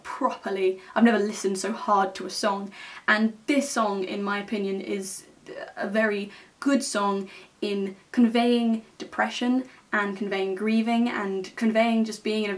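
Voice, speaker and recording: A young woman talks through a film review with eager, chatty enthusiasm, tagging her points with a quick "okay?". Her voice sits in an ordinary middle pitch. She is a little distant from the microphone. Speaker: film vlogger. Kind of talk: casual film review monologue.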